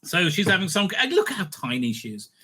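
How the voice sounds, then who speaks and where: A man's voice: sits high, very animated, a little fast, bright, forceful tone, husky. A man hosting a casual, sarcastic review rant, swearing often and stumbling over fillers. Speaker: reviewer, channel host.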